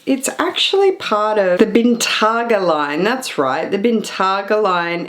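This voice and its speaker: A woman in her thirties chatting casually to camera, showing off purchases with excited, drawn-out emphasis. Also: medium pitch. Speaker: fashion vlogger. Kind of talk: casual haul chat to camera.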